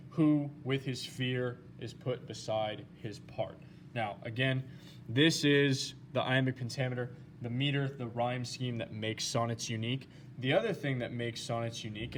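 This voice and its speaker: A man of middle pitch teaches a recorded lesson, walking through slides in a plain, steady way. He pauses with small fillers as he explains. A faint hiss sits under the voice.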